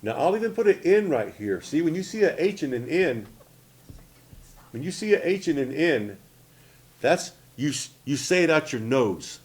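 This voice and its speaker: A man's voice: a little high, sing-song, normal speed. A man in his sixties from Oklahoma, teaching a language lesson in a plain, repetitive way, often checking in with "okay?" and "see?". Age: 60s. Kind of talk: casual spoken lesson.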